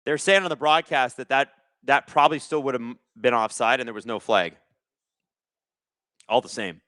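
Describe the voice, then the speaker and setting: A young man hosting a live watch-along, reacting to the game with sarcastic, excitable commentary. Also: medium pitch, normal speed, dry recording, studio quality. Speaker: live stream host.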